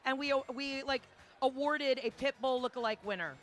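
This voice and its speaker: Brash woman comic, thirties, bright high voice, music behind. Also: moderate pace. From Atlanta, Georgia, US. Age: 30s. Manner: brash, jokey, loud. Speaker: comedian guest. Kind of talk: playful live chat. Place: outdoor festival park.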